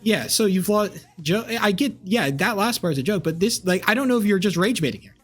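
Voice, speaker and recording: Husky young guy streaming, angry swearing rant at chat, faint music behind. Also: high-pitched, animated, fairly quick. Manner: angry, swearing, repetitive ranting. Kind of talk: heated rant to live chat.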